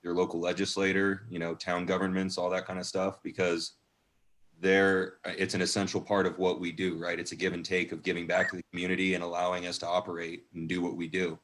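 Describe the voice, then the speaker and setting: Very deep, flat-voiced male panelist. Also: a little fast, slight background noise.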